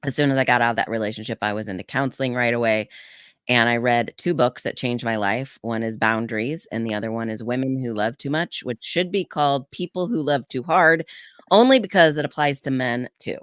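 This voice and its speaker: A woman communication coach on a podcast, telling her story with earnest candor and acting out quotes in lively voices. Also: a little fast, smooth, no room sound, studio quality. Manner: earnest storytelling, acts out quotes with animated pitch jumps. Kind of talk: candid podcast conversation.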